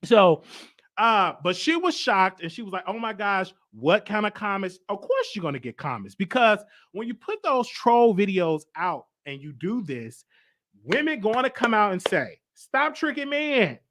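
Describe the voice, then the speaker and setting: A man's voice: high-pitched, sing-song, a little slow, fairly bright tone. A man hosting a live online show, talking casually and emphatically, repeating himself and reading out viewer comments. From United States. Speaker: host.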